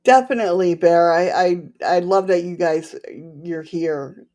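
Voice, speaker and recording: A woman's voice: lowish voice, unhurried, mellow. Chatty woman with a slight lisp. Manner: rambling and chatty, laughs often, talks to chat viewers. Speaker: livestream host. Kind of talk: casual livestream chat.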